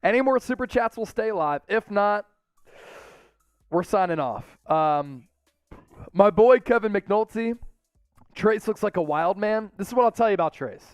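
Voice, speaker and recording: High-voiced young man hosting a rowdy sports stream. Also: a little slow, pauses often, clear, resonant tone, no room sound, clean studio sound, faint music behind. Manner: rowdy, excitable, shouts and chants. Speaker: sports show host. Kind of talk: casual live-stream sports chat. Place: small studio.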